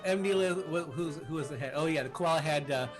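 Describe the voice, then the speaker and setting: A man in a casual live-stream chat rambles through his stories, stopping and restarting his sentences often. His voice sits a little high for a man. Music is clearly audible behind him. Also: fast. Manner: rambling, with many restarts and fillers.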